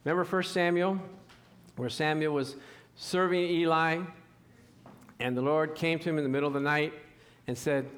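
A man preaching a sermon, animated and acting out scripture scenes as he teaches. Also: on the high side, fairly quick.

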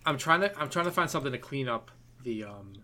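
A man with a bright, forceful voice, chatting casually as a podcast co-host. He tells rambling, animated stories packed with "uh" and "like." A computer keyboard clicks now and then in the background. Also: medium pitch, fast talker, slight background noise. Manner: rambling, animated storytelling with many fillers. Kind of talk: casual storytelling chat.

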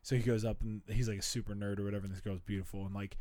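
A man's voice: fairly low pitch, level tone, very fast, a little mellow, dry recording. A man in his twenties in a casual podcast chat, rambling laid-back with lots of "like" and "dude". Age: 20s.

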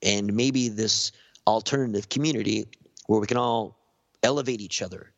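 Southern Californian guy as a mellow podcast guest, lowish voice, loose rambling delivery, dry close mic sound. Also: fairly even intonation, moderate pace, creaky, dry recording, dull audio. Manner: laid-back, rambling, heavy on fillers. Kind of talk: casual podcast chat.

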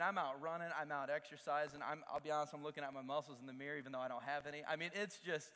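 A young man delivers a sermon in a bright, forceful voice that carries through a large church hall with a long reverb tail. He speaks in an earnest, confessional way and builds to emphatic peaks. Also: medium pitch. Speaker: pastor.

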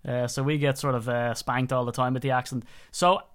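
A man with an Irish accent hosting a casual chat, telling stories in a quick, jokey way. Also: medium pitch, level tone. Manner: jokey storyteller, quick and chatty. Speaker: podcast host.

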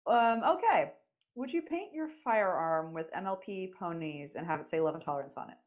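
A woman's voice: fairly low pitch, lively intonation, a little fast, narrow, tinny audio. A woman hosting a podcast interview, asking questions in a teasing, playful manner. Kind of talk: casual chat, asking questions.

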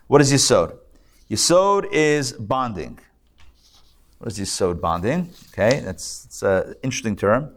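Joking rabbi teaching a live class. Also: male voice, medium pitch. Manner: joking, conversational, asks the audience questions. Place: lecture room with a live audience and online viewers.

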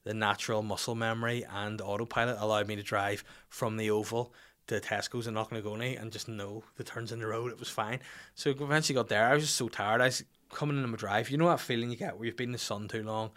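A man's voice: lowish voice, steady tone, fast, fairly bright tone. A Northern Irish man in his thirties, a podcast host telling a rambling anecdote, swearing freely and mimicking people in his stories. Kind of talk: casual storytelling.

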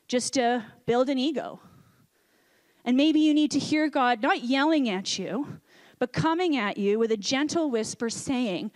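A woman pastor delivering a sermon, earnest, dropping to a soft hush on quoted lines. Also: high-pitched.

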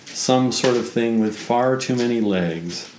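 A man narrating a tabletop game as game master, describing scenes slowly. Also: medium pitch, darkish tone, a little hiss or hum. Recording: roomy echo.

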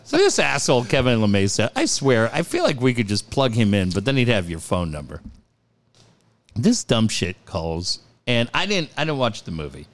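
A man's voice: medium pitch, normal speed. A middle-aged man hosting a radio show, telling profane stories in a casual chat and acting out the quotes. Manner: animated storyteller, profane, acts out quotes. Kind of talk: casual talk radio storytelling.

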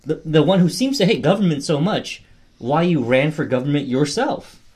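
A man's voice: fairly high pitch, animated, normal speed, a little mellow, a little hiss or hum. Dry, teasing man in a comedy interview.

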